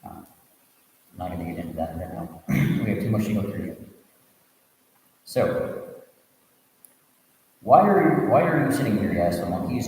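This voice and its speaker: A man, a reverend, tells a Buddhist tale as a sermon, reading aloud with asides and restarts and giving the characters lively voices. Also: medium pitch. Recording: echoey, reverberant room audio from a distant mic.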